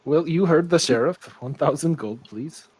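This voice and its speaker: A man playing a tabletop game, adding dry, deadpan quips. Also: fairly high pitch, moderate pace, breathy edge. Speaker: player.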